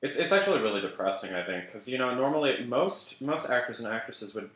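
A man's voice: mid-range voice, expressive, quick pace, a bit bright. Joking British man cooking on a podcast. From Britain. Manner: joking, laughs often. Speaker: podcast co-host. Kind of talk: casual chat while cooking. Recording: echoey room.

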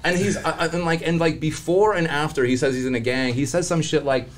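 A man's voice: fairly high pitch, a little fast, few pauses. A man and criminologist guest, telling a story casually and animatedly, acting out voices and laughing often. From Southern California.

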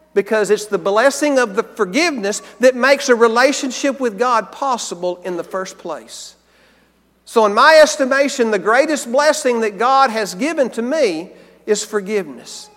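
A man preaching a sermon, earnest, slowing down and repeating key phrases for emphasis. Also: high-pitched, fairly bright tone, in a large hall.

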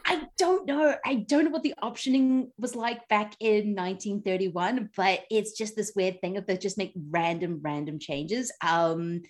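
Rambling, laughing woman podcast guest. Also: medium pitch. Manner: rambling, laughs often, many ums. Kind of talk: casual podcast chat.

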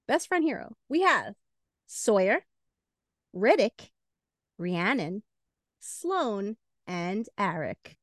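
A woman's voice: medium pitch, slow, long pauses, no room sound, clean studio sound. A woman co-hosting a book podcast in casual chat, playfully announcing awards. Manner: playful, lively, announcer-style award presenting. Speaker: podcast co-host.

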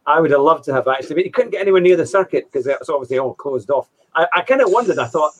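A man's voice: a little high, animated, very fast, slight background noise, rough recording. A man co-hosting a casual chat, talking in a rambling, musing way. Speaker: podcast co-host.

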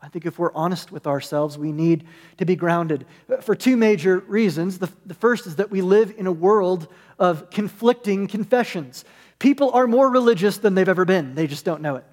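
A high-voiced male pastor preaches earnestly, stacking his points in repeated parallel phrases. His voice carries a long reverb through a large sanctuary. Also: a little mellow. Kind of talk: sermon.

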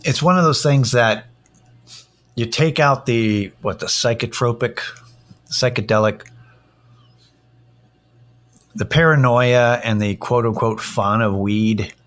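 A man's voice: medium pitch, slow, long pauses, a bit bright. A middle-aged man hosting a casual solo podcast, ranting in an irritated, profane way. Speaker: podcast host. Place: Austin-area home setting.

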